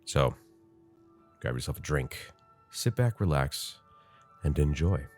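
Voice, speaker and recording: A man's voice: a bass voice, lively intonation, slow pace, a little mellow, soft background music. A male gaming host with a congested voice, chatting casually and rambling with lots of fillers while he plays. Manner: rambling, chatty, thinks aloud with many fillers. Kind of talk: casual gameplay commentary.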